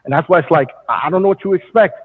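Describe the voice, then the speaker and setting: A man on a panel arguing his point in a deliberate, lecturing way. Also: a little high. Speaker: panel guest. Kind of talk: opinionated commentary. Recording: husky voice over phone line.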